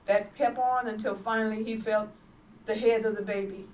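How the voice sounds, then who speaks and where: A woman's voice: medium pitch, steady tone, normal speed, a little mellow, slight background noise. A woman evangelist giving her testimony in an emphatic, repetitive, plainspoken way. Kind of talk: testimony preaching. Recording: echoey room from far off.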